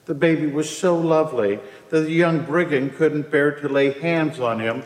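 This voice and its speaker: A man preaching a sermon in a church, opening with a prayer and speaking in a slow, measured way. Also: on the high side. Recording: echoey church from a distance.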